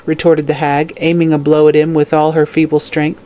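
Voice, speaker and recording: A narrator reading a classic crime novel aloud in a steady, scripted audiobook style. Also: mid-range voice, moderate pace, hardly any pauses.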